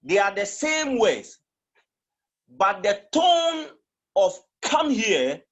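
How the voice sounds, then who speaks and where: A man giving a teaching talk on marriage, emphatic and repetitive, acting out different tones of voice as examples. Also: high voice. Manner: emphatic, repeats phrases and demonstrates tones of voice. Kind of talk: teaching talk, switching between languages.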